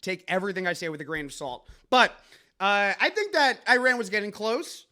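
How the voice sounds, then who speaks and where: Bright high-voiced man hosting a comedy news show. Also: animated, a little fast. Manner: rambling, joking, many fillers and restarts. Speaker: podcast host.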